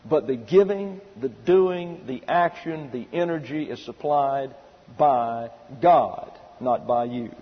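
A man's voice: on the high side, unhurried, few pauses. A male preacher giving methodical, point-by-point Bible teaching in a sermon, with emphatic rhetorical questions. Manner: methodical, outlining by numbered subpoints. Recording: muffled sound with long hall reverb.

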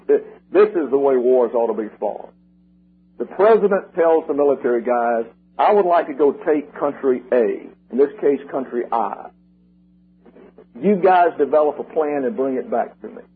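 An older man preaching a sermon, working through numbered points and repeating key slogans slowly and with emphasis, with a husky voice. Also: medium pitch. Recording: tinny lo-fi radio broadcast.

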